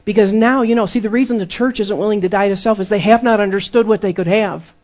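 A man's voice: high-pitched, fast, a little mellow. Emphatic male preacher, lo-fi sound. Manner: emphatic, repeats phrases for effect. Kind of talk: sermon. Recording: dull lo-fi sermon recording.

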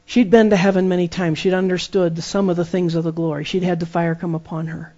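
A man's voice: high voice, flat delivery, quick pace, mellow. A man preaching a sermon, emphatic and repeating key phrases for effect. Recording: dull lo-fi sermon recording.

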